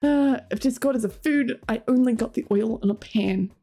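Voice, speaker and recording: A woman's voice: fairly high pitch, normal speed, hardly any pauses, mellow. A young Australian woman streaming, chatting casually with her viewers in a playful, rambling way. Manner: playful, rambling, laughs often, swears. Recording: faint music behind.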